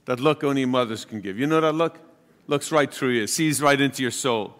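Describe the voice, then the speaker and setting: Halting, chatty priest in a reverberant church. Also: male voice, mid-range voice, a bit bright. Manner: chatty, halting, acts out voices in his story. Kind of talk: homily with personal storytelling. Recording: long hall reverb.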